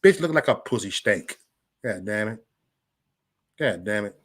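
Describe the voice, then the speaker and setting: A man ranting on a casual livestream, loud and profane, stammering and restarting, talking straight to viewers by name. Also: lowish voice, lively intonation, measured pace. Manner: chats directly with viewers by name. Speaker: livestream vlogger.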